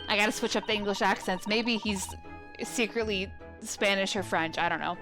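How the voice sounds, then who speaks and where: A woman's voice: mid-range voice, fairly even intonation, normal speed. A young woman casually commentating a game with playful, joking asides. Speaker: let's play gamer. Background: game music.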